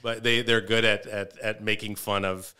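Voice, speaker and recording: Rambling, bright-voiced comedian man. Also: fairly low pitch, little pitch movement, moderate pace, smooth. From Canada. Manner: rambling, storytelling with restarts. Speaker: comedian guest. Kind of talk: casual podcast chat.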